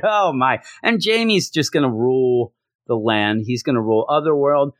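A man casually reviewing a comic, joking and acting out characters' lines in quick voices. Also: medium pitch, no room sound, clean studio sound. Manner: animated, jokey, acts out characters in quick voices. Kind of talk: casual solo review chat.

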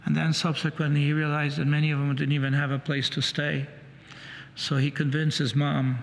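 A man's voice: fairly high pitch, monotone, brisk, vocal fry, a little hiss or hum. A man preaching a sermon in a conversational style, often restarting and repeating his phrases. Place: church. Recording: long reverb in a church, faint ambience.

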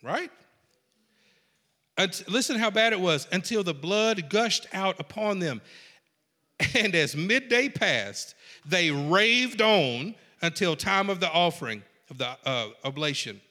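A man preaching a sermon in a folksy, animated way, swinging from hushed lines to shouts. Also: high voice, takes it slowly, big-room sound. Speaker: pastor.

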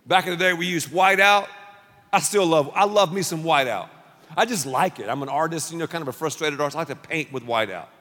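A man preaching a sermon as pastor, punchy and animated, leading the crowd in call-and-response. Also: on the high side, brisk. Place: large church auditorium. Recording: long reverb of a large hall.

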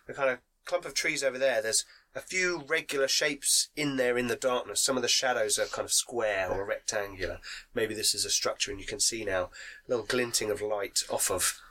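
A man serving as game master, laying out the scene with plenty of "kind of" hedges. His voice is bright and clear at a middle pitch. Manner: hedging, descriptive, full of "kind of". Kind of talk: narrating a tabletop game.

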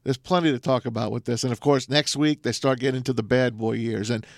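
A man's voice: medium pitch, fairly even intonation, quick pace, creaky, no room sound. A man hosting a sports talk radio show, chatting in a brash, emphatic way from a studio mic. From New Jersey.

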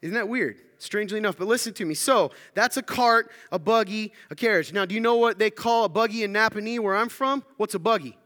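A man's voice: high voice, a little fast, hardly any pauses, fairly bright tone. A man from the American South, giving an interactive sermon talk, playful and jokey as he quizzes the audience. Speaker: speaker addressing a congregation. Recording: long hall reverb.

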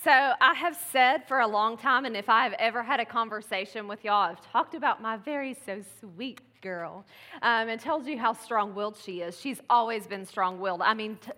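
A woman's voice: a little high, bright, forceful tone. A woman, giving a casual, chatty Mother's Day sermon with laughing asides. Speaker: pastor's wife giving a Mother's Day message. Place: church sanctuary. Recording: long church-hall reverb.

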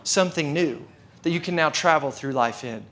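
A man's voice: on the high side, moderate pace, a bit bright, lightly acted. A man voicing a courteous, businesslike female bank teller in a sermon story. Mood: eager.

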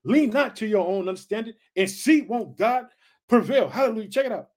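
A man's voice: high voice, lively intonation, fairly quick, darkish tone. A man preaching a sermon on a scripture reading, emphatic, repeating exhortations and asking the listener questions.

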